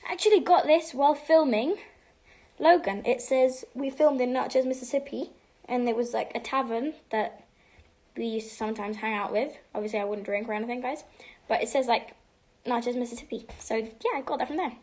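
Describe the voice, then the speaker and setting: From a room at home, a teenage girl answers fan questions on a livestream, chatting casually and switching between English and Spanish. Her voice is slightly high and brisk, and sometimes she drops to a soft half-whisper.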